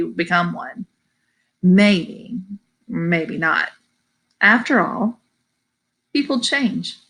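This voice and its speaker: A woman's voice: on the low side, fairly bright tone. A woman reading a middle-grade novel aloud, adding chatty asides that explain phrases to her listeners. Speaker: audiobook reader.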